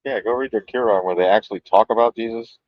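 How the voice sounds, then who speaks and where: A man's voice: lowish voice, quick pace, no echo, dull audio. A man co-hosting a podcast, reacting to a clip with sarcastic, mocking remarks and swearing. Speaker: podcast co-host. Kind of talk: casual reaction chat.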